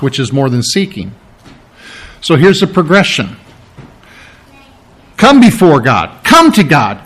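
A man's voice: a little high, fairly bright tone. A male pastor preaching a conversational, emphatic sermon, often asking rhetorical questions.

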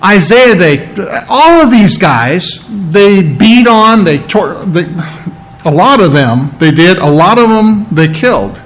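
High-voiced man teaching a sermon. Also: big pitch swings, slow pace, fairly bright tone, low-quality recording. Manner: teaching, conversational, frequent restarts and check-ins. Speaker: pastor.

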